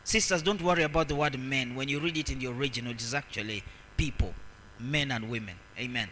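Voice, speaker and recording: A man preaching a sermon as pastor, reading scripture aloud and swinging between loud, emphatic declarations and soft asides. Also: mid-range voice, fast, a little hiss or hum, rough recording. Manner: reads scripture aloud and repeats verses for emphasis.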